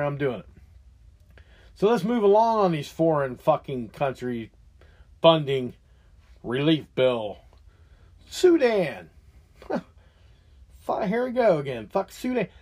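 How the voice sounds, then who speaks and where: A man tears through a profane political rant as the host of his own show. His voice sits high and leaps all over the place as the anger builds. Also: darkish tone. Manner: heated, profane, ranting.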